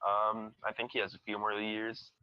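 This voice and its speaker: A man's voice: fairly low pitch, completely flat delivery, normal speed, smooth. A young man co-hosting a casual podcast, talking with stuttery restarts and crude jokes. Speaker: podcast co-host. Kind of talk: casual chat. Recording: dull lo-fi mic.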